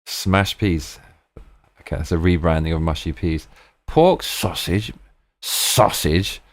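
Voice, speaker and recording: Deep-voiced excitable British man. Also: unhurried, no room sound. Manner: excitable, rambling, frequent exclamations. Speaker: live-stream host. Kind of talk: casual live-stream chat.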